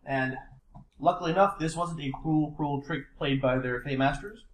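A man's voice: on the high side, normal speed, a little hiss or hum. A man running a tabletop game as game master, recapping the last session with many fillers and restarts. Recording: echoey room.

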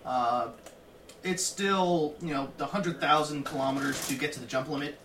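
A man running a tabletop game as game master, chatting in halting restarts with his players. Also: on the high side. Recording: roomy, distant mic, light noise.

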